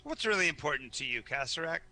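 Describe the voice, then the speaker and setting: Male game master, very bright tone, stammery live storyteller. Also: a little high, animated, fast. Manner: stammering, repeats words, storytelling. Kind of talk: narrating a live tabletop game.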